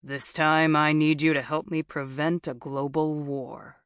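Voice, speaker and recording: A woman voicing a veteran male journalist who speaks in a gravelly voice with a grave, somber tone. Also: fairly high pitch, steady tone, a little slow, fairly bright tone, no echo.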